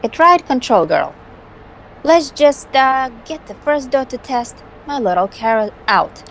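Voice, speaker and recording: A woman's voice: sits high, very animated, a little slow, a little hiss or hum, heavily acted, low-quality recording. A woman voicing a scheming, tech-savvy young woman with a wry, offhand delivery, in a fan voice acting of a game.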